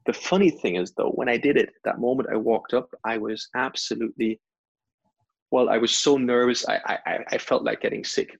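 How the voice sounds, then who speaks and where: A man with a German accent telling stories in an interview, animated, acting out what others said, with stammered restarts. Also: medium pitch, fairly quick, vocal fry, breathy edge, dry recording. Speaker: interview guest, event host. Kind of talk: casual storytelling interview. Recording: slightly dull lo-fi audio.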